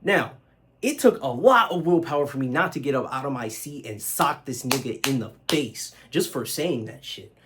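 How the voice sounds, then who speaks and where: Man, casual storytelling vlog, mid-pitched voice, conversational, lots of uhs, swears freely. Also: expressive, moderate pace, background noise. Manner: loose and conversational, many fillers, swears freely. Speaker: vlogger.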